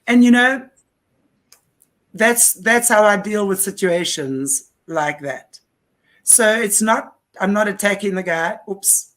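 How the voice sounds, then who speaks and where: A woman's voice: mid-range voice, slow, fairly bright tone. A woman hosting a conversational interview, telling a story passionately and emphatically. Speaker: host.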